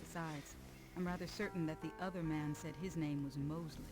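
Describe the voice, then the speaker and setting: A woman voicing a cool, disdainful young woman in a video game, speaking in a measured way. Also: low voice, steady tone, music in the background, lightly acted.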